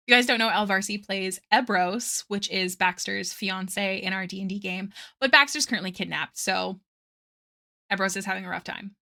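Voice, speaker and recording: A young woman chats away on her art stream, rambling from one story to the next and laughing often. Her voice is bright and clear, with middling pitch, and she reads viewers' messages aloud between thoughts. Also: moderate pace. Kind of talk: casual stream chat while drawing.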